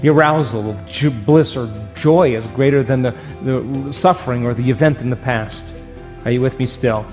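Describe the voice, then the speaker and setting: A man giving an animated motivational talk to an audience, acting out voices and asking for agreement. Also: mid-range voice, normal speed, faint music behind. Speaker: speaker.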